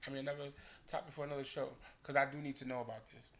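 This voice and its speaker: A man co-hosting a casual group talk show, animated and acting out questions in quick bursts. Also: medium pitch. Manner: animated, acts out his partner's questions. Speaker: podcast co-host.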